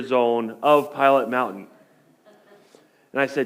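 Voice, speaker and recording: Middle-aged male pastor, fairly high voice, chatty joking sermon in church. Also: lively intonation, normal speed, pauses often, clear, resonant tone. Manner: joking, conversational storytelling.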